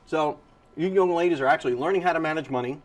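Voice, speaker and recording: A man's voice: fairly high pitch, quick pace. A man hosting a morning TV show, chatting with guests and often repeating their words back. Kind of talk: casual TV interview.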